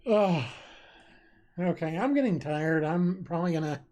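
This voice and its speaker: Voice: mid-range voice, animated, measured pace, a little mellow. A live streamer in casual chat who reads viewers' jokes aloud and laughs at them often, with a desk microphone. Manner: giggly, reacts with frequent laughter.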